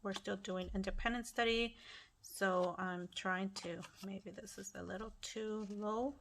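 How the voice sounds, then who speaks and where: A woman's voice: mid-range voice, steady tone, a little slow, creaky, a bit bright, a little hiss or hum. A middle-aged woman hosting a casual craft tutorial at home, chatty and apologetic, often restarting her sentences. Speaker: craft channel host.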